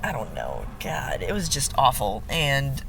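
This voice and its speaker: A man's voice: medium pitch, huge pitch swings, unhurried, vocal fry, pushed and bright, a little hiss or hum. A young man talking frankly in a personal vlog, venting bluntly and swearing freely, with frequent filler ums. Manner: blunt and heavily profane. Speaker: vlogger.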